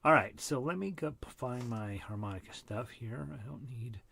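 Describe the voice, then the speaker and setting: A man's voice: medium pitch, normal speed, gravelly, sharp tone, breathy edge. A middle-aged man leading a casual harmonica group lesson, chatty and self-deprecating, short of breath. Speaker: harmonica ensemble leader.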